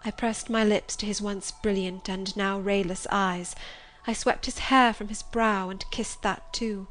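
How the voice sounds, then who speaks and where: Woman reading a story, measured. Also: medium pitch, steady tone, a bit bright, slight background noise. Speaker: audiobook reader. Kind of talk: scripted narration.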